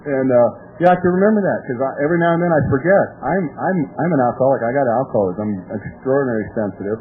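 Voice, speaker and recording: A man's voice: medium pitch, quick pace, few pauses. A man from California telling his recovery story at a meeting, rambling and chuckling as he goes. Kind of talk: personal recovery talk. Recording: tinny phone-like tape with faint music.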